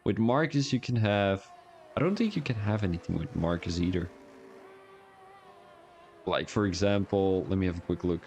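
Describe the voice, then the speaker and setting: A man's voice: low voice, moderate pace, pauses often, a little mellow. A man with a Belgian accent giving rambling, joking, self-mocking commentary on a live-streamed sim racing league.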